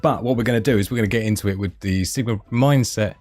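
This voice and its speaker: Low-voiced man chatting on a livestream. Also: quick pace, a little mellow, soft background music. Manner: rambling, chatty, reads out viewer comments. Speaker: livestream host. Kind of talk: casual livestream chat.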